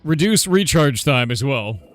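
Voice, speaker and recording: A man's voice: medium pitch, sing-song, measured pace. A man streaming a game in casual chat, thinking aloud and swearing under his breath as he plays.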